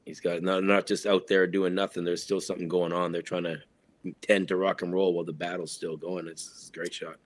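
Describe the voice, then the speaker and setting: A man's voice: low voice, little pitch movement, brisk. A man co-hosting a casual show, laid-back and prone to mild swearing. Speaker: podcast co-host. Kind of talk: casual chat.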